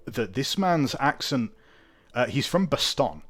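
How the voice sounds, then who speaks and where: Lively, chatty male game master. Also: medium pitch, a little slow. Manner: chatty, many fillers, laughs often. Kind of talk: narrating a tabletop game.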